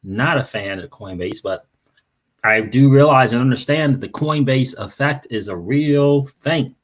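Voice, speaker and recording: Husky guy running a laid-back live stream, shouting out viewers by name, says stuff twice. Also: medium pitch, unhurried. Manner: greets viewers by name, repeats phrases. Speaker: crypto channel host. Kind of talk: casual livestream chat.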